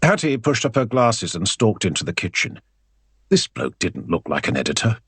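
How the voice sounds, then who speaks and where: A male audiobook narrator with a wry, expressive way of telling the story. His slightly husky voice rises and falls a lot, and the recording is dry and close. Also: fairly low pitch, moderate pace, no room sound.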